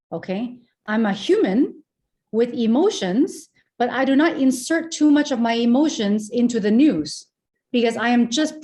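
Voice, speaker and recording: A woman in her thirties, a presenter and speaking coach, talking in an animated, projecting way on a remote call interview, explaining with examples. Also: on the high side. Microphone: remote call mic.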